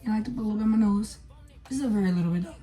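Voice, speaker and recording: A young beauty vlogger chats casually through her makeup tutorial, talking to viewers with many fillers. Her mid-range, mellow voice comes out rapid-fire over faint music.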